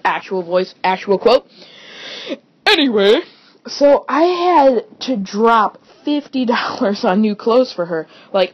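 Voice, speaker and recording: A woman's voice: medium pitch, lo-fi sound. A woman telling a rambling story to camera in a casual vlog, swearing often and filling her talk with "like". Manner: rambling, swears a lot, constant "like". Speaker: vlogger.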